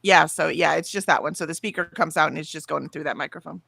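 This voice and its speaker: A woman with a Southern US accent co-hosts a casual morning stream, reading chat messages aloud and laughing easily. Her voice is deep, gravelly, bright and forceful, and she talks fast. She's speaking through a headphone mic.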